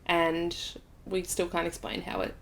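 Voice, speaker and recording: A woman's voice: fairly low pitch, little pitch movement, a little slow, gravelly, fairly bright tone. A woman hosting a podcast, chatting casually and telling a story with lots of fillers. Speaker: podcast host. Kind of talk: casual chat.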